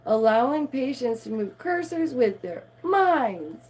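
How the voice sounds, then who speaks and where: A woman's voice: fairly high pitch, animated, measured pace, hardly any pauses, a little mellow, husky. A woman, live streaming and reading news aloud with playful, sarcastic asides to her viewers. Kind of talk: casual live-stream commentary.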